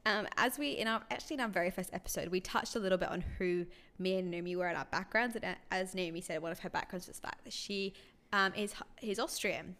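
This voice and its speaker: A woman's voice: lowish voice, fast, hardly any pauses, sharp tone. A woman co-hosting a podcast, chatting casually and putting questions to her co-host.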